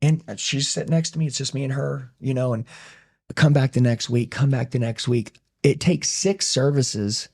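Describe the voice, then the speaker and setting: A man's voice: mid-range voice, moderate pace, darkish tone, breathy edge. A man talking intensely and emphatically in a casual podcast conversation, sharing his story as a business owner. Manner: intense, emphatic, says "dude" a lot.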